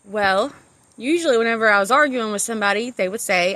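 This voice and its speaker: Bright-voiced woman telling a story. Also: fairly high pitch, brisk, dry recording. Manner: rambling, swears freely, stops to restart sentences. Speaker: vlogger. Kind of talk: casual storytelling.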